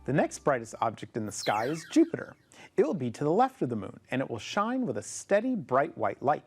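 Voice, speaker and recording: A man's voice: mid-range voice, wildly swooping pitch, brisk, soft background music. A man co-hosting a scripted astronomy program as a planetarium director, with an upbeat presenter's reading.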